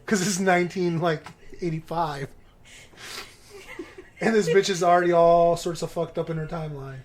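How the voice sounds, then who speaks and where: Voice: medium pitch, fairly even intonation, normal speed. Podcaster ranting thru a book plot, swears a lot, rambles, keeps cracking up. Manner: rambling, swearing, laughing often. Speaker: podcast host. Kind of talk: comic retelling of a book.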